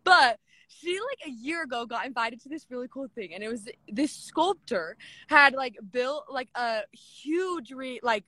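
A young woman with a high, bright voice chats through a scripture talk, gushing and filling every pause with "like." She retells the story as lively back-and-forth dialogue, and the sound is close and dry. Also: dry recording. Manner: gushing, filler-heavy with constant "like". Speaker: devotional speaker.

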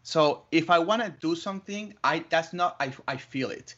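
A man telling his story as an interview guest, lively, laughing often and acting out other voices. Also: on the high side, normal speed. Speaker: interview guest, wedding photographer. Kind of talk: animated storytelling. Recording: muffled lo-fi audio.

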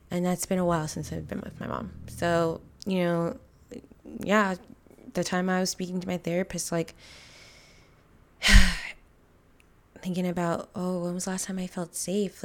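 A young woman in a casual podcast monologue, speaking candidly and emotionally. She rambles, with many fillers and restarts, at a mid-range pitch. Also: a little mellow. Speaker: podcast host.

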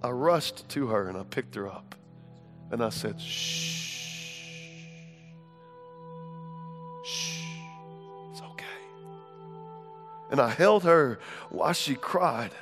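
A man in his thirties preaching a sermon with passion, swinging from shouts to hushed tones. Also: medium pitch, big pitch swings, moderate pace, over music. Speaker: pastor.

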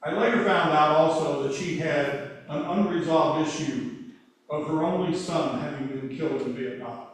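A man preaching a sermon as pastor, telling a story in a conversational way and quoting dialogue softly. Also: fairly high pitch, normal speed. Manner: conversational, quotes dialogue in a softer voice. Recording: echoey church hall, mic far off.

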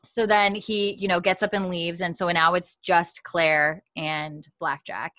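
A woman's voice: fairly low pitch, little pitch movement, a little slow, sharp tone, no room sound. A woman co-hosting a podcast, casually retelling a TV episode in a rambling way, full of fillers. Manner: rambling, full of "like" and "you know". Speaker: podcast co-host. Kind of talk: casual recap chat.

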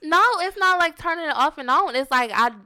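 A young woman, co-hosting a casual chat, animated and laughing as she retells things dramatically. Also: high voice, brisk. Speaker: podcast co-host.

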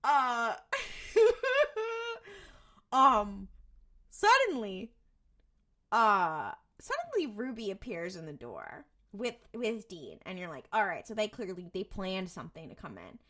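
Lively bright-voiced woman podcaster. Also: mid-range voice, slow pace. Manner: animated, acts out characters, laughs often. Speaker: podcast co-host. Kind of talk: casual recap chat.

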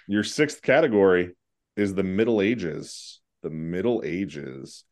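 A man's voice: low-pitched, lively intonation, a little slow. A man hosting a casual trivia podcast, joking around and swearing now and then. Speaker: quiz host.

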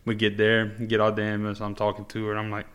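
A man's voice: on the low side, monotone, fast, fairly bright tone. Laid-back man telling stories. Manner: laid-back storyteller, frequent fillers and profanity. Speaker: podcast host, former paramedic. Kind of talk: casual conversational interview.

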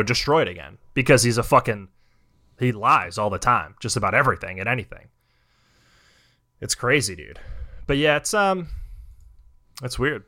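A man's voice: mid-range voice, sharp tone. A young man hosting a podcast, ranting in heated, profane casual chat. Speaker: podcast host.

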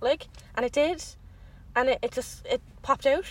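A young Irish woman telling a story in casual chat, animated and swearing freely. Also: high-pitched, moderate pace, husky, poor audio.

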